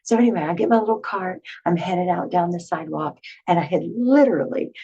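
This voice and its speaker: Chatty middle-aged woman, lowish husky voice, tells her own story with plenty of likes and you-knows. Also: brisk, lo-fi sound. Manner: chatty and animated, with filler words and laughs. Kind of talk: casual storytelling to camera.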